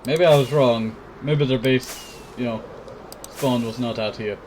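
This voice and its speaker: A man's voice: medium pitch, a little slow, a little mellow, slight background noise. A sick man with a cough, rambling casually while commenting on his own gameplay. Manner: rambling, keeps saying "I tell you". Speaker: gameplay video host.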